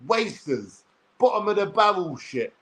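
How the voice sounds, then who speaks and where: Brief: man, blunt, profane vlog rant, voice sits a bit high. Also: sing-song, unhurried, a bit bright, low-quality recording. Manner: crude, profane, blunt, addresses viewers directly. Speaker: vlogger. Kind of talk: direct-to-camera rant.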